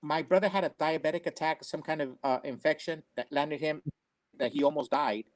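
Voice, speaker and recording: An older man tells family stories in an earnest, rambling manner, circling back and repeating himself as he goes. His voice sits slightly on the high side. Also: steady tone, brisk. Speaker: storyteller on a family talk show. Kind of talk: casual personal storytelling.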